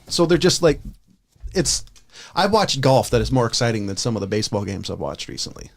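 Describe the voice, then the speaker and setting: A man's voice: mid-range voice, sing-song, brisk, vocal fry. Male podcast co-host, mid-range voice, casual rambling chat with false starts. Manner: rambling, repeats words when starting sentences.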